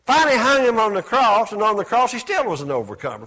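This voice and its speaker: Preaching in call-and-response fashion, this man asks listeners to echo his words and alternates between loud outbursts and quiet asides. He sounds high-pitched, sing-song and husky, moving fairly quickly.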